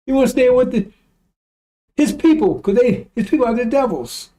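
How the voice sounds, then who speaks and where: Speaking at normal speed in a very high, warm and animated voice, a man offers informal religious teaching. His talk rambles, stays emphatic, and turns to swearing when he's worked up.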